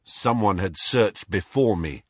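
A keen teenage boy wizard who holds something back, as a male reader puts him on. His husky voice moves up and down with eagerness, dry and close. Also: lowish voice, animated, a little slow, no echo. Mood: urgent. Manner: eager, guarded.

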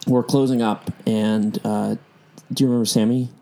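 A young man with a low, gravelly voice tells a rambling story in casual conversation. He leans on fillers and acts out what people said. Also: fairly even intonation, normal speed, warm tone. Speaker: podcast host and DJ. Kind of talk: casual chat.

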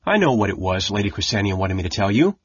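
A man's voice: fairly low pitch, very animated, fast, slightly rough, no room sound, highs cut off, full character voice. A man voicing a young male kender telling a story earnestly and with remorse.

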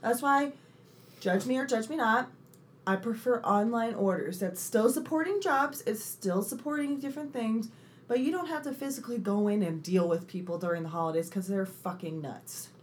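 A young woman co-hosting a casual chat, telling animated stories, swearing freely and acting out the people she quotes. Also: a little high, normal speed, slight background noise. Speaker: podcast co-host.

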